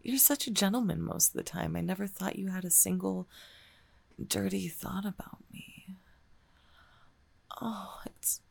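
Woman playing a shy, breathy gamer girl in whispered role-play. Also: mid-range voice, fairly even intonation, a little mellow, heavily acted. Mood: intimate. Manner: breathy, sighing, halting, flustered. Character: shy young woman gamer confessing her feelings. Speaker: audio role-play performer.

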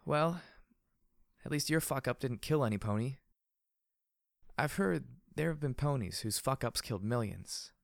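A man's voice: mid-range voice, lively intonation, a little slow, pauses often, no room sound, studio quality, voice pushed up. A man doing a wry, foul-mouthed pony mare. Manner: gruff and wry, swearing. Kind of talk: audiobook character voice.

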